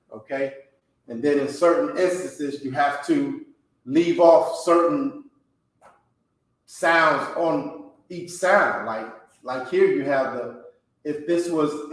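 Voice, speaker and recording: A man teaching a language class, pronouncing words slowly and checking in with "okay?" after nearly every phrase. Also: on the high side, fairly bright tone. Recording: very echoey room.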